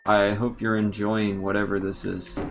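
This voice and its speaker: A man's voice: fairly low pitch, flat delivery, moderate pace, vocal fry. A man streaming a horror game live, commenting in a drawling way, laughing and swearing when startled. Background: loud game music.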